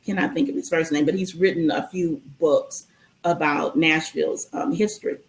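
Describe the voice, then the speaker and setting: A woman guest telling a long personal story in a casual interview, animated and full of ums and restarts. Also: deep voice, normal speed, vocal fry, echoey room, low-quality recording.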